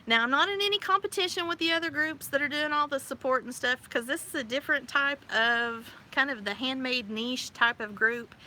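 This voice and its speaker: Laughing a lot, this bright, high-voiced woman in her forties chats bubbly and casually on her live stream outdoors by a pool. It's a windy day, with a faint breeze and wind gusts in the background.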